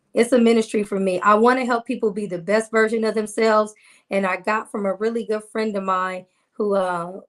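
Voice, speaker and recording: A woman guest in a casual faith conversation, earnest and preacherly, repeating lines for emphasis. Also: mid-range voice.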